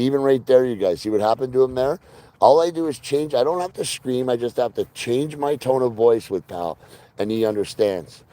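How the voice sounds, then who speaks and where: A man's voice: mid-range voice, mellow. A man chatting live with his viewers about training his dog, earnest and direct, reading out their names. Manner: earnest, talks to viewers by name. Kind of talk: casual live-stream chat.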